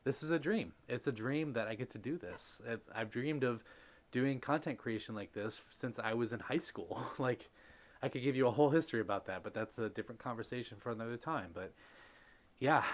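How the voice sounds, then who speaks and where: A man at mid pitch talks heartfelt and rambling into a streaming microphone, filling pauses with "you know" and "um". He greets viewers by name and reads their chat messages aloud in a casual live stream chat. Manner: heartfelt, rambling with many fillers. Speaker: livestream host.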